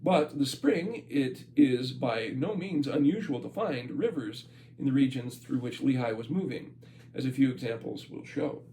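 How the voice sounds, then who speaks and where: On a rough recording with a bit of hiss or hum, an amateur reader reads a book out loud in a casual way, pausing for chatty comments and laughter. His mid-range voice is mellow, with lively intonation and a normal pace.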